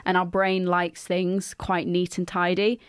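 A woman's voice: on the low side, completely flat delivery, unhurried, clear, resonant tone, no echo, studio quality. A young woman co-hosting a student radio show, chatting casually and explaining ideas with lists and asides. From England. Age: young adult. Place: small radio studio.

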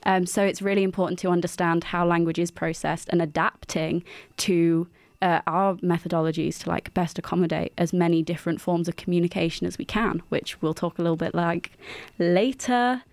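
A woman's voice: lowish voice, steady tone, a little fast, no echo. Chatty young woman, dry studio sound. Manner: chatty, lots of "like" fillers, laughs easily. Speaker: co-host of a radio show. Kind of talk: casual radio chat explaining psychology.

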